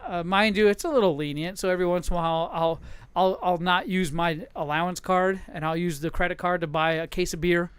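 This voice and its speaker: A man's voice: sits high, a little fast, smooth, no room sound. A middle-aged man hosting a podcast, telling stories in a profane, casual rant. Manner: profane storytelling. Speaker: podcast host. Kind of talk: casual ranting chat.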